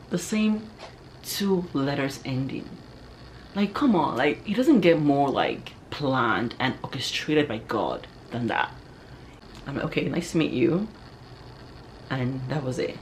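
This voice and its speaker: A young adult woman vlogger telling a personal story in an animated, chatty way, peppered with "like" and "yo.". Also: extremely low pitch, a little hiss or hum. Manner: animated, chatty, heavy use of "like" and "yo". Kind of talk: casual storytelling to camera.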